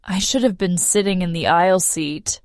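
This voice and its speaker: A woman narrating a simple first-person story for English learners, clear and measured. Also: fairly low pitch, a little mellow, dry recording. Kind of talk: slow read-aloud story for learners.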